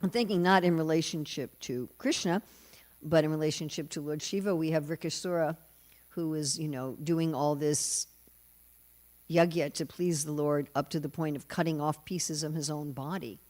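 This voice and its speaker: An older woman teaches a scripture class in a temple hall, her voice low and darkish with fairly even intonation at a moderate pace. Her sermon is full of humorous stories, and she briefly acts out the voices of the people in them.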